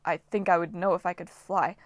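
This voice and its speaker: A woman voicing a subdued, bewildered teenage boy in an audiobook, with a wry, quiet delivery. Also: fairly low pitch, steady tone, brisk, no echo, close to an everyday voice.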